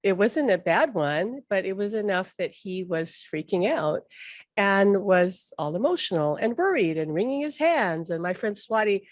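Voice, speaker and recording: A woman's voice: medium pitch, expressive, normal speed, no echo. A woman talks as host in a loose, rambling, conversational way, laughing easily and circling back on her words. Her voice sits in an ordinary middle register. It is recorded close and dry, with no room sound. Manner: chatty, rambling, laughs often, lots of "like". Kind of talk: casual spoken talk.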